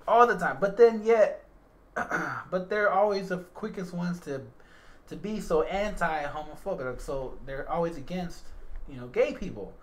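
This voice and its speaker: Lively, opinionated man with a high-set voice. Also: unhurried. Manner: opinionated and chatty, with lively emphasis. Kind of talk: casual chat.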